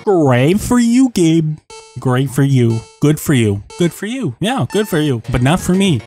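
A man's voice: on the high side, big pitch swings, measured pace, dark tone. A young man playing a rhythm game at home, swearing, ranting and repeating himself when he keeps losing. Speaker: gaming YouTuber. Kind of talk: profane frustrated gameplay commentary. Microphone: desk mic, sometimes moved away. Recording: faint game music behind.

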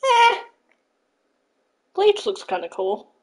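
A woman streaming a game live, talking to her viewers in a high, bouncy voice. She chats casually and gushes with excitement, her pitch swinging all over. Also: moderate pace, low-quality recording. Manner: gushing, excitable, thanks followers. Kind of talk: casual live-stream chat while playing.

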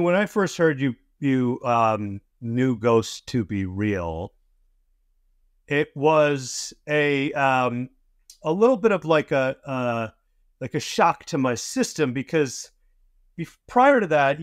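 A man talking casually with a guest, halting and searching for words with many ums. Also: mid-range voice, no room sound, studio quality. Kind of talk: casual conversation.

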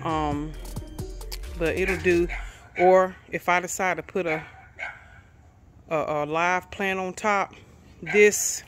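A woman with a Southern US accent chatting casually to her viewers in a DIY vlog, folksy and quick to get riled up. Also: on the low side, steady tone, over music. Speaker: DIY vlogger.

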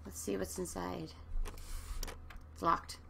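A woman commenting on a horror game as she plays, excitable and jumpy, swearing and shrieking at scares and reading the game's text aloud. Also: fairly low pitch, slow, creaky, noisy background. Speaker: let's play gamer. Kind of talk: let's play commentary.

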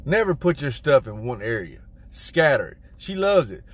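A man delivering deadpan satirical marriage advice in a confident, mock-serious tone. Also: mid-range voice, normal speed, slightly rough, no room sound. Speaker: comedy content creator.

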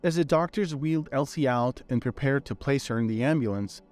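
Male storyteller, measured scripted narration, faint music bed. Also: medium pitch, a little mellow.

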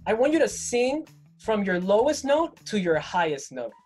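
A woman's voice: mid-range voice, sing-song, moderate pace, darkish tone, faint music behind. A woman hosting a casual interview, asking questions in an upbeat, playful way. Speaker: host.

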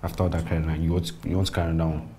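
Friendly young man, fast and low-voiced. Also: little pitch movement, dark tone, a little hiss or hum. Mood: casual. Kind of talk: film drama acting.

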